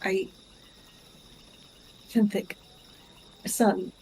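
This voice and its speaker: A woman voicing an earnest male father figure in a tabletop game, halting and sincere. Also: warm tone, slight background noise, rough recording.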